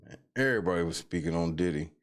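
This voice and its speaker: A man hosting a live stream, reacting to news clips with loud, mocking, profanity-heavy commentary full of slang. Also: sits low, animated, fast.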